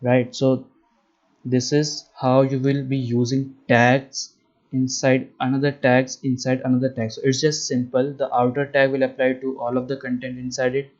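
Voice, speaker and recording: Male coding instructor with an Indian English accent, level mid-pitched delivery, patient and repetitive, slightly muffled recording. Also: monotone, moderate pace. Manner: patient, repetitive, checks in with "right?". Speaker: web development instructor. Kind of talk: screen-share coding lesson.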